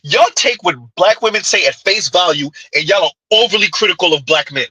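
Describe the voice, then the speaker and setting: High, husky man ranting in commentary. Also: expressive, a little fast, sharp tone, no echo, poor audio. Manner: heated, mocking, full of rhetorical questions. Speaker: commentator reacting to a clip. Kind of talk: reaction commentary.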